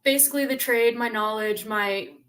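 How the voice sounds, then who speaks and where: A woman's voice: on the high side, normal speed. Chatty young woman telling a story. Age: 20s. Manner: animated storyteller, chatty with frequent fillers. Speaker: podcast guest, tradeswoman. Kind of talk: casual interview storytelling.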